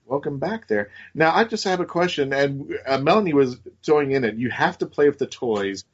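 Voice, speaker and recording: A man's voice: mid-range voice, animated, a little fast, husky. Male talk-show host, 40s, loose and laughing, lo-fi audio. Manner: jokey, stumbling, laughs often. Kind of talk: radio talk show hosting.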